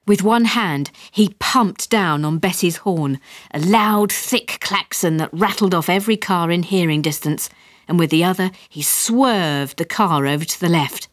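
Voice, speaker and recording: A woman's voice: on the low side, unhurried, dry recording. A woman narrating a comic memoir-style story in a wry, dry storytelling manner.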